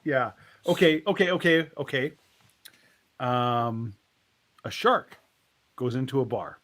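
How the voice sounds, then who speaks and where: A man's voice: medium pitch, expressive, takes it slowly, a bit bright. Blunt, swearing podcast co-host man. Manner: profane, blunt joking. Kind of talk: casual chat.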